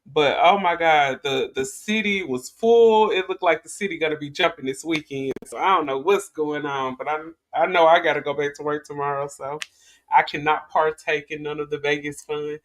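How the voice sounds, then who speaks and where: Her voice is low and her pace moderate as she hosts a laid-back commentary vlog. This vlogger chats and rambles to viewers, with frequent restarts and bursts of laughter.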